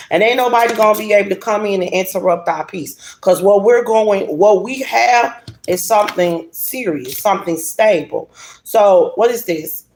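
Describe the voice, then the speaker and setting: Animated, foul-mouthed woman reading tarot. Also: medium pitch. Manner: animated, blunt and profane, laughs often. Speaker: tarot reader. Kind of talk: casual tarot reading to viewers. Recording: roomy echo, faint hiss.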